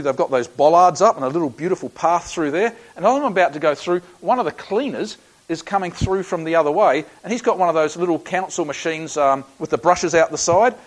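A man's voice: fairly high pitch, rough recording. An Australian man preaching a sermon, telling a personal story in a conversational, folksy way with frequent restarts.

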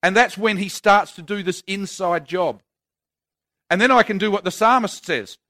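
A man's voice: high-pitched, moderate pace, bright, forceful tone, dry recording. A man preaching a sermon in an earnest, conversational way with touches of self-deprecating humour.

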